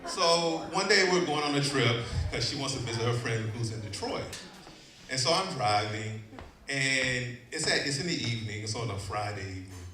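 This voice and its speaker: A man from Chicago telling a personal story live on stage, animated and often laughing. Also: medium pitch, normal speed. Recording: echoey venue, distant mic, audience. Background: audience.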